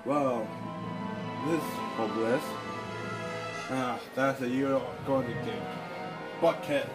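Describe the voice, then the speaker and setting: Man, amateur fan-drama voice, halting and rambling, music bed behind. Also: mid-range voice, low-quality recording. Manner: rambling, halting, excitable exclamations. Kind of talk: improvised fan drama voicing.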